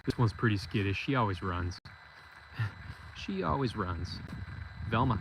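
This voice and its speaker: A man's voice: fairly low pitch, expressive, a little slow, long pauses. A man of forty, walking around his goat farm and talking playfully to his goats in casual chat. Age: 40s. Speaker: vlogger. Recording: outdoor noise behind. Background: goats and outdoor ambience.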